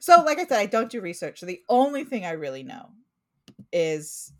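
A woman in her thirties with a Portland accent, co-hosting a casual podcast chat, animated and quick to laugh. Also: medium pitch. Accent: Portland, Oregon. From Pacific Northwest US. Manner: chatty, laughs often, animated storytelling. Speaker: podcast co-host.

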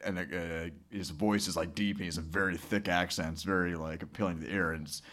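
A man with a very low, deep voice chats casually as a podcast co-host. He rambles, swears freely and breaks into laughter often. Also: steady tone, brisk, a bit bright. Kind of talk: casual chat.

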